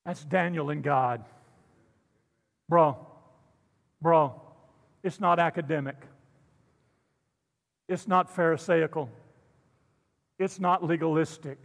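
Older pastor preaching in a reverberant hall. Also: male voice, a little high, gravelly. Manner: fervent preaching with drawn-out emphatic climbs and joking asides. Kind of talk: sermon. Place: church sanctuary.

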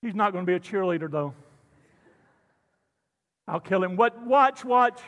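A man's voice: high-pitched, lively intonation, measured pace, fairly bright tone, highs cut off. An older man preaching a sermon as pastor in a church, fervent and drawn out on the big lines, with joking asides. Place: church sanctuary. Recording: long hall reverb.

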